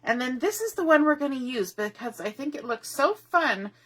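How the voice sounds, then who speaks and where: A woman's voice: high-pitched, sing-song, normal speed, fairly bright tone. A middle-aged woman hosting a live online craft demo, chatty and rambling, a little out of breath, greeting viewers by name and laughing often. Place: home craft room at a table.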